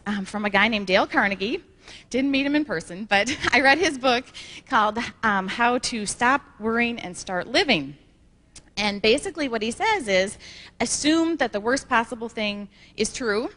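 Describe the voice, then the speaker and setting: A woman giving a motivational talk at a sales conference, telling folksy stories and clearing her throat often. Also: on the high side, fairly bright tone. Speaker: sales manager presenting at a conference. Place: conference hall.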